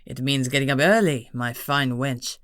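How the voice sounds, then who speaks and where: Lady putting on a low, drawly french gargoyle guy, swears a lot, teasing. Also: fairly bright tone, no room sound, clean studio sound. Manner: crude, teasing, slow and drawling. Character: cheeky swearing male winged gargoyle, old and proud.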